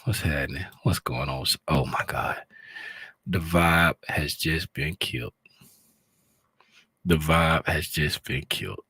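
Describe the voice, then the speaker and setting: A man's voice: a bass voice, unhurried, gravelly, pushed and bright, breathy edge, dry recording. A man hosting a trading livestream, joking loosely with viewers and greeting them by name before teaching. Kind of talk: casual livestream chat and teaching. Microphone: talks close to a microphone.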